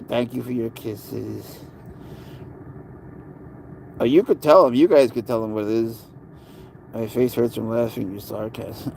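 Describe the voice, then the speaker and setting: A man's voice: mid-range voice, unhurried, vocal fry, background noise. A man chatting casually in a blunt, sarcastic way, answering viewers' comments on a livestream. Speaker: pet owner streaming to viewers.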